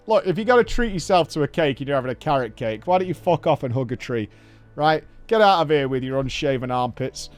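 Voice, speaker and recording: A man in his thirties rants on a live stream with swearing and wild swings of pitch. His voice sits fairly high for a man. Faint game music plays underneath. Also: moderate pace. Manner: animated, sweary, ranting. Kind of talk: casual stream chat.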